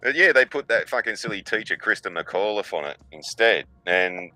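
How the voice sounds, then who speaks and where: A man's voice: on the low side, expressive, normal speed, sharp tone, no echo, rough recording. A middle-aged man in casual chat, telling crude stories full of swearing and mocking voices. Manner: crude, profane storytelling with mocking put-on voices. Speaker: podcast co-host.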